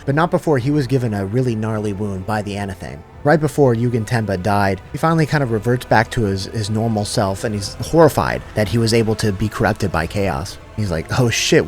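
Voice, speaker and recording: A man recaps a story in a relaxed, slangy way, stumbling over restarts and tossing in filler words. His voice sits fairly low. Soft music plays underneath. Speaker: lore summarizer. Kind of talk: casual lore recap.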